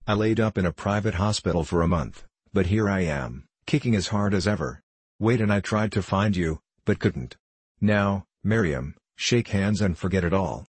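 A man voicing a burly, arrogant middle-aged businessman who talks in a hearty, gruff way. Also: low-pitched, dry recording.

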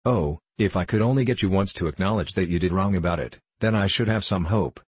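A man reading the lines of an anxious, reproachful wife in his own low voice. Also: a little fast, breathy edge, dry recording. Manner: pleading, tearful.

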